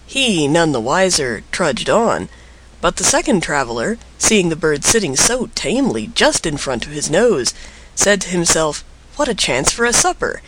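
A man narrates a storybook tale with an expressive, lilting delivery. His voice sits high and ranges widely, keeping every sentence animated. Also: a little hiss or hum, poor audio.

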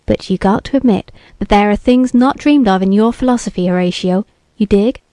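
A woman's voice: medium pitch, fairly quick, dark tone, dry recording, lightly acted. A woman reading the lines of a bearded young beatnik TV repairman who talks in laid-back hip slang and sounds sure of himself. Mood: musing.

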